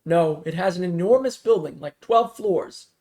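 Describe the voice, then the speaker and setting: A man voicing a calm adult male survivor guiding others to shelter, in a matter-of-fact way. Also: high-pitched, normal speed.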